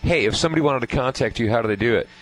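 A man hosting a casual interview, asking quick questions and cracking jokes. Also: medium pitch, faint music behind, poor audio. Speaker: interviewer host.

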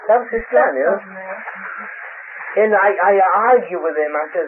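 A man answering interview questions, telling stories in a halting way and searching for words, heard on a tinny, hissy old radio recording. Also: sits high. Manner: animated storyteller. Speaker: interview guest.

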